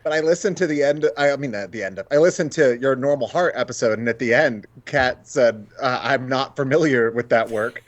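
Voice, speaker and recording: A man's voice: medium pitch, fairly quick, few pauses, muffled recording. A man appearing as a podcast guest over a video call, chatting casually and enthusiastically, swearing freely. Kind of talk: casual chat.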